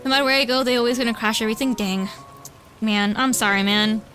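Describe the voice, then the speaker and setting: Bubbly young woman streamer with a high voice, casual chatter, coos at her cat. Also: fairly even intonation, quick pace, bright, forceful tone, faint music behind. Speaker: vtuber streamer. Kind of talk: casual livestream chat while drawing. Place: home room.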